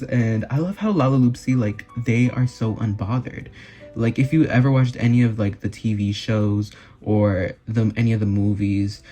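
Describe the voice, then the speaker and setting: A man's voice: mid-range voice, mellow. A man chatting casually in a vlog, gushing and full of fillers. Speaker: vlogger. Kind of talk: casual chat.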